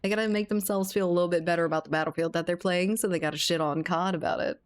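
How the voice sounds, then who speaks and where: A woman's voice: on the low side, fairly even intonation, rapid-fire. A young woman streamer chatting casually and profanely during a gaming livestream, reading chat aloud.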